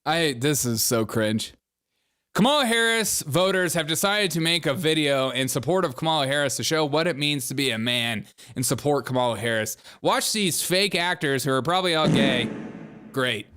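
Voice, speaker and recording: Animated laughing male comedy host. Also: fairly high pitch, normal speed, smooth. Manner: mocking, laughs often, slips into put-on accents. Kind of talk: comedic news commentary.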